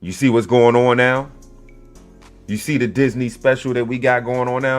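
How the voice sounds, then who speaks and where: A man hosting a casual podcast monologue, a youth basketball coach telling stories in a blunt, profane, animated way. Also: medium pitch, fairly quick, faint music behind.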